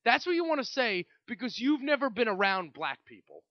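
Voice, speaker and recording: In a muffled recording with no room sound, a young man from Brooklyn, New York talks fairly quickly in an extremely high voice with big pitch swings. He's hosting a solo podcast, ranting, swearing, rambling and restarting constantly.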